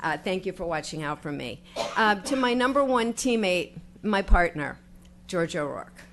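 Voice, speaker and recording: A woman's voice: lowish voice, lively intonation, noisy background. Older woman giving a heartfelt acceptance speech. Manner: heartfelt, halting, grateful, with fillers and restarts. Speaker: newly elected official giving acceptance speech. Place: public meeting hall with audience.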